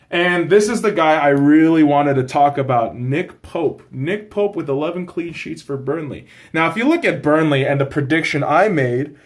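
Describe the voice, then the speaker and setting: Young man hosting a casual football season review, ranting with lots of swearing. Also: on the high side. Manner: profane, animated ranting. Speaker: host.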